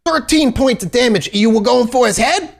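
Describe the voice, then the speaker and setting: A man's voice: extremely high pitch, normal speed, gravelly. A man running a tabletop game as game master, narrating the action in a playful, exasperated way.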